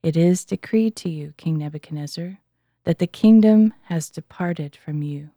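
A stern divine voice from heaven pronounces a decree in a scripture reading, as a woman reads it. The sound is low and mellow, measured and earnest. It is recorded close and dry. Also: no room sound.

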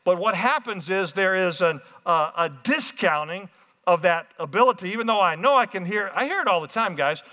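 A man preaching a sermon as pastor, energetic, calling out to the congregation in a church hall. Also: sits high, normal speed. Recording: muffled, hall reverb.

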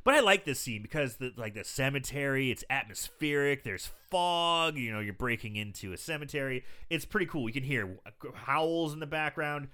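A man casually recapping a film on a podcast, acting out scenes with quick impressions, swearing and laughing as he goes. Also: medium pitch, smooth. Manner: animated storyteller, acts out scenes, swears, laughs often. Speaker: podcast co-host. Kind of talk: casual movie recap chat.

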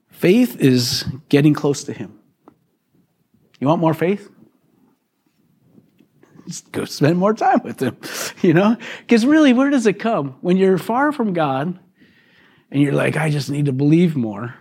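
A man's voice: on the high side, sing-song, measured pace, pauses often, a little mellow, slightly rough. A man, a pastor, preaching a conversational sermon to his congregation, asking questions and laughing often. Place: church hall.

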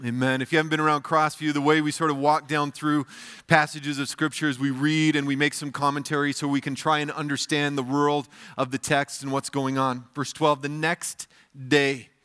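A man's voice: level tone, moderate pace, clear, resonant tone. A man preaching a sermon in a church, explaining scripture in plain, conversational terms. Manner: prays in a softer, lower voice. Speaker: pastor.

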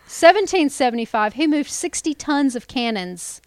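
A woman co-hosting a podcast in casual chat, tossing in wry, quick-witted asides and pop-culture references. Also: high voice, big pitch swings, darkish tone, dry recording. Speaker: podcast co-host.

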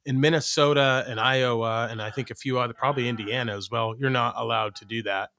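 A man's voice: mid-range voice, steady tone, brisk, creaky, bright, forceful tone. A man from Oregon in casual chat, loose and profane, often repeating words as he starts a thought.

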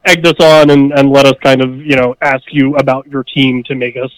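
A man's voice: mid-range voice, flat delivery, fairly quick, clear, resonant tone, no room sound, rough recording. A man as a podcast guest, talking wryly with lots of ums and restarts. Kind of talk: casual podcast chat.

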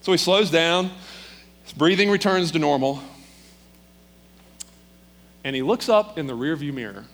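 A male preacher tells a story from the pulpit with animated, dramatic delivery. His voice sits a bit high for a man. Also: measured pace, pauses often. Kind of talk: sermon storytelling.

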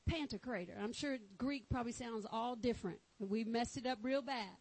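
High-voiced fervent Texan woman preaching. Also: moderate pace, low-quality recording. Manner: fervent, exclaiming, reading scripture aloud. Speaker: pastor. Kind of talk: sermon.

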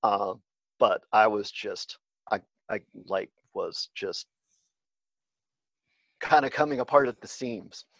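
A man's voice: fairly low pitch, slow, pauses often, fairly bright tone, dry recording. A man talking casually as an interview guest, hesitant and full of fillers and restarts, heard on a dull, slightly lo-fi recording. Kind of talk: casual conversation.

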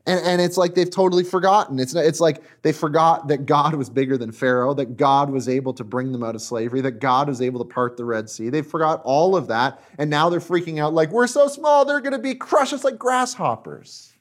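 A man preaching a sermon, emphatic and repetitive, swinging between loud and hushed emphasis. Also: mid-range voice, steady tone, a little fast, few pauses. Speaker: pastor.

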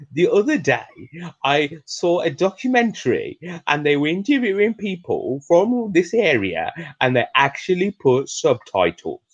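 An English podcast co-host tells a story in casual, chatty conversation, getting animated when he jokes. His voice is on the high side and a little slow, and the audio is lo-fi.

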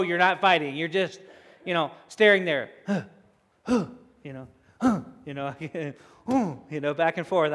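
Animated high-voiced male preacher. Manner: animated, conversational asides. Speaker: pastor. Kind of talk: sermon. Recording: echoey hall.

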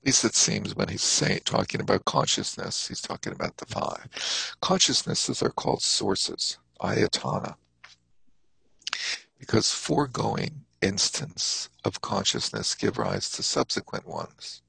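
A man teaching a class on Buddhist texts, explaining terms thoughtfully and haltingly. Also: lowish voice, sing-song, gravelly, sharp tone, slightly rough, no room sound, low-quality recording.

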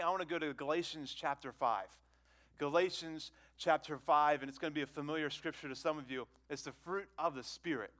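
A man preaching a sermon to a congregation, conversational and repetitive, asking them questions and swinging between loud exclamations and hushed phrases. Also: fairly high pitch. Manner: conversational, repeats words, asks the congregation questions. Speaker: pastor.

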